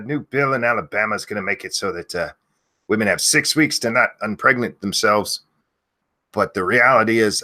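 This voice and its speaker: A man hosting a live stream, chatting casually, swearing a lot, and yelling out viewers' names now and then. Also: mid-range voice.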